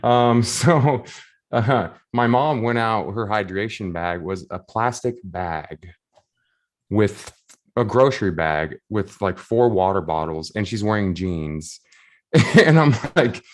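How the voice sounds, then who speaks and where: Deep-voiced guy rambling thru a funny story, lots of "like" and laughing. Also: slow pace. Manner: animated, laughing, loose filler-heavy storytelling. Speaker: race volunteer and shuttle driver. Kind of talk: casual storytelling recap.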